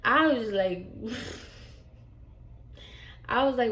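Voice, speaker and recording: A young woman vlogger telling a casual storytime, with an animated, sassy way of retelling and lots of fillers. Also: a little high, takes it slowly, pauses often. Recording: echoey room.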